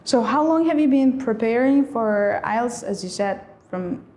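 A woman's voice: a little high, lively intonation, unhurried, darkish tone. Encouraging woman interviewer. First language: Uzbek. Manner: encouraging, frequent backchannels. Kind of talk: casual interview. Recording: roomy echo, faint noise.

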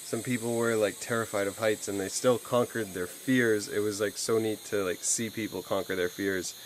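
A man's voice: fairly low pitch, fairly even intonation, moderate pace, a little hiss or hum. A young adult man narrating a casual travel vlog outdoors on an island beach, upbeat and loose, with lots of "like" fillers. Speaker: travel vlogger.

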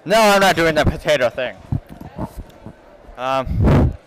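A man's voice: fairly high pitch, expressive, slow pace, a bit bright, a little hiss or hum, low-quality recording. A teenage boy hosting a goofy casual chat with friends, using a playful mock-announcer delivery and a handheld mic outdoors. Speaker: host. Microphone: handheld mic passed around.

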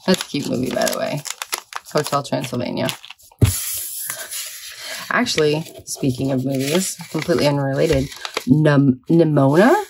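A woman's voice: rumbling low, moderate pace, gravelly, long pauses, background noise. A middle-aged woman in a sleepy early-morning mood, rambling chattily and self-deprecatingly while she crafts. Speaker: vlogger.

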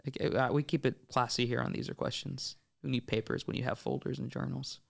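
A man's voice: medium pitch, steady tone, creaky, in a whisper. Joking, teasing young male podcast host. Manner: joking, teasing, repeats himself rapidly. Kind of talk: casual playful interview chat.

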